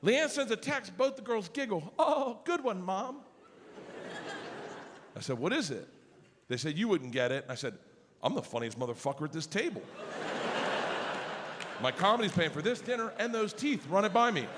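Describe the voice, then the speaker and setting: Loud storytelling man on a comedy stage. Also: high voice, very animated, normal speed, pauses often. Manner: loud storytelling, acts out quotes in shifting voices. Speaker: stand-up comedian. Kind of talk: stand-up comedy set. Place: comedy stage before a laughing audience. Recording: live stage mic with audience noise.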